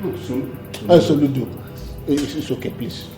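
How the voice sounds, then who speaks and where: An actor with a Nigerian accent playing a worried elder brother who pleads for calm and exclaims often. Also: male voice, medium pitch, normal speed, faint music behind, natural voice. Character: worried elder brother trying to keep peace.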